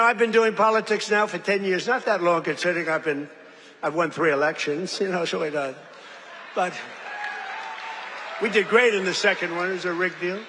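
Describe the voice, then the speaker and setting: Male rally speaker, high-pitched and tense, loose and meandering delivery, booming hall reverb. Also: pushed and bright. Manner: rambling, digressive, repeats phrases; jokey asides to the audience. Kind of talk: off-the-cuff rally speech. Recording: long hall reverb, faint background noise.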